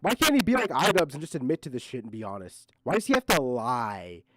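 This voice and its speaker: A man's voice: medium pitch, very animated, a little fast, heavy background noise. A man streaming, giving casual reaction commentary in heated, mocking, profane rants.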